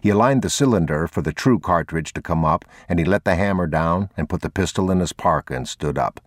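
A male narrator reading a novel aloud with a very deep, low voice and a measured, even pace. The recording is close and completely dry, with no room sound around it. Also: no room sound. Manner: measured, unhurried, even delivery. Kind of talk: scripted audiobook narration.

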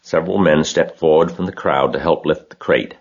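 A man narrating a storybook audiobook in a steady, expressive reading. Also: a bass voice, fairly quick, slightly rough, lo-fi sound.

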